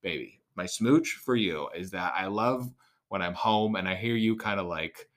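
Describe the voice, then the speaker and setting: A man's voice: low-pitched, moderate pace. A man co-hosting a podcast in casual chat, laid-back and joking, with some swearing. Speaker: podcast co-host.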